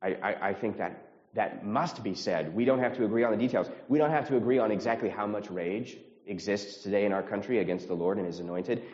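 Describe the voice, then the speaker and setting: A man from the United States preaching a sermon as pastor, earnest, repeating phrases and rising in pitch when stirred. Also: darkish tone. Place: church sanctuary. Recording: reverberant hall, slightly dull sound.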